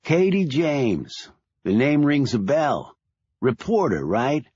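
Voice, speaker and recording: A man voicing an older bald security chief who questions calmly and probingly. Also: mid-range voice, slow, husky, dry recording, dull audio, pitched above the performer's own voice, full character voice. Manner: calm, probing.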